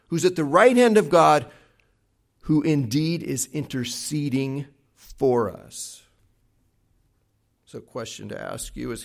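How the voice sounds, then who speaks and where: Pastor guy preaching, earnest and emphatic, goes quiet sometimes, voice a bit high. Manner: earnest, emphatic preaching with sudden hushed drops. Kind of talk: sermon.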